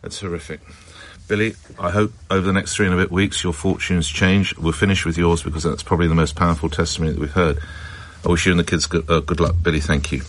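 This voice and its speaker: A man hosting a radio phone-in, brisk and probing with callers, at times sympathetic. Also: deep voice, steady tone. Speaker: radio host. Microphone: studio microphone.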